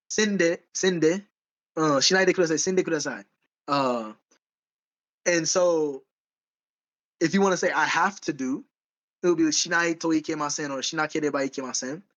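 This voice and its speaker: A man's voice: on the high side, normal speed, pauses often, a bit bright, poor audio. A man co-hosting a podcast in casual chat, rambling and correcting himself as he goes, with frequent laughs. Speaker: podcast co-host.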